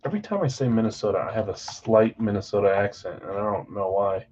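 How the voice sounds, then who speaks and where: A man's voice: fairly low pitch, fast talker, darkish tone, dull audio, a little hiss or hum. Chatty man rattling off names. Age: adult, married. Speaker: card break host. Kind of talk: casual live-stream chat. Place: basement card room.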